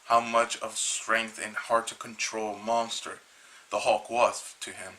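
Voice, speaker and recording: Bright-voiced man rambling through a comic. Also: lowish voice, little pitch movement, poor audio. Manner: rambling, halting, with many restarts. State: a little tired. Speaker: comic book reviewer. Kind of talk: casual retelling of a comic.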